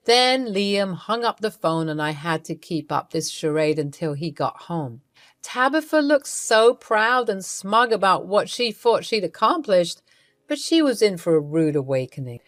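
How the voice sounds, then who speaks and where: A woman tells a scripted storytime with amused, conspiratorial delivery. Her voice sits at a middle pitch, and the recording is dry and close with no room sound. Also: big pitch swings, a little slow, no echo.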